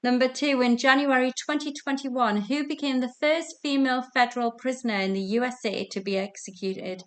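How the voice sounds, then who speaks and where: A woman with a high voice, talking a little fast, hosts a casual online quiz over a video call from her home. She's chatty, giggly and self-deprecating.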